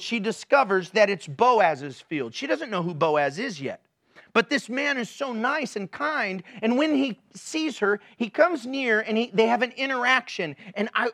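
Middle-aged guy preaching, pretty high voice, acts out his stories, lively sermon. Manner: animated storytelling with playful acted-out quotes. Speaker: pastor.

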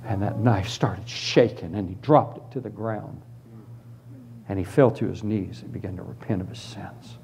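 A man preaching and giving his personal testimony, telling it as a lively story and acting out the other people in it. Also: medium pitch, normal speed, creaky, muffled recording, slight background noise. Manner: animated storytelling, acts out voices. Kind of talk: testimony sermon.

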